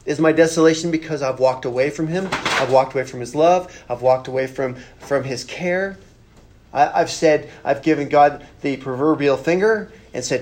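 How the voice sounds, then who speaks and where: A male pastor with a medium-pitched voice preaches a conversational sermon at normal speed. He's earnest and plain-spoken, using rhetorical questions and repeated phrases.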